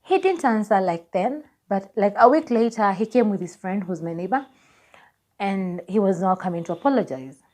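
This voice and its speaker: A young Kenyan woman in her twenties telling a personal story on her vlog, lively and laughing as she acts out what people said. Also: mid-range voice, normal speed. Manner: animated, laughing, acts out dialogue. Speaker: vlogger.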